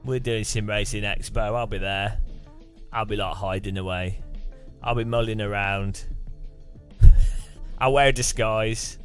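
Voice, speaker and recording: A man's voice: fairly low pitch, steady tone, a little slow, long pauses, soft background music. A man chatting casually on stream while sim racing, rambling and joking at his own expense. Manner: rambling, jokey, self-mocking.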